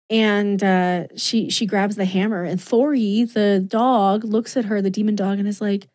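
A woman's voice: medium pitch, fairly even intonation, unhurried, few pauses, darkish tone. A woman co-hosting a podcast in casual chat, gushing and emotional, acting out quotes as she goes. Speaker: podcast co-host.

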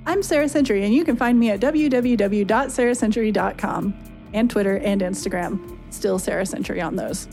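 A woman co-host reading podcast support plugs and credits in an even manner. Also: mid-range voice, brisk, creaky, soft background music. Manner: even, read announcement. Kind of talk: scripted outro reading.

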